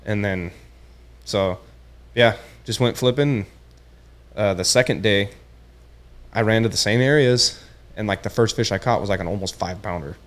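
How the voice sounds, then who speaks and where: Young man, fairly low voice, laid-back, casual podcast chat, says "dude" a lot, acts out quotes. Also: normal speed, long pauses. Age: young adult. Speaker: podcast guest, tournament angler.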